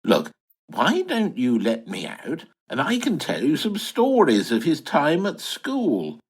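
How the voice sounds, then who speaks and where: A man's voice: on the high side, wildly swooping pitch, slow, breathy edge, exaggerated voice. A man playing a flustered posh bumbler. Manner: flustered, posh, hesitant, wildly swooping delivery. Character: bumbling posh English time-traveller, retired man. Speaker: lead character and narrator. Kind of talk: comic audio drama acting.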